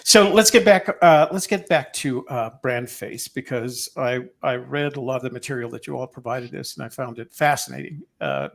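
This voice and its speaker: An older retired man from New Mexico with a neutral American accent, hosting a relaxed interview. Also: medium pitch, normal speed, creaky, hardly any pauses. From New Mexico, USA. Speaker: interview host. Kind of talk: conversational interview.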